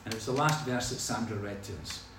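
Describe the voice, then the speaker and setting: A man's voice: lowish voice, a little fast, background noise. A man preaching a sermon, telling stories with humor. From Scotland. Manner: lively storytelling with humor. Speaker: pastor. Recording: echoey hall from far off.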